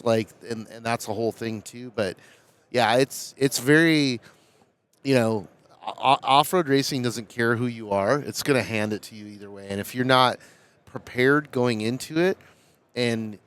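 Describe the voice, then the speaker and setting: A man's voice: mid-range voice, moderate pace, smooth. A man hosting a casual podcast interview at a trade show, telling reflective stories and tagging his points with 'right?'. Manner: reflective storyteller, tags with 'right?'. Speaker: podcast host.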